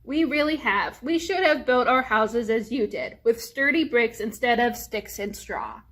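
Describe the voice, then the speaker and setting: A woman's voice: on the high side, unhurried, a bit bright. A woman reading aloud as two young little pigs in a children's storybook, in an eager tone. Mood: earnest.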